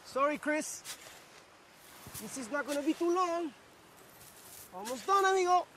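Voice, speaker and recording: Game villain, male adult, volatile and mocking, tantrum-prone, voice pitched very high, faint ambience behind. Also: unhurried, a little hiss or hum, exaggerated voice. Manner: swings between sneering calm and sudden profane outbursts. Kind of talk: video game cutscene acting.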